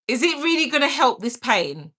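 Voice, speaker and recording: A woman hosts a casual livestream, chatting with viewers and reading their comments in a bubbly, chatty manner, dropping into a whisper for asides. Her voice is high-pitched and bright with a forceful tone.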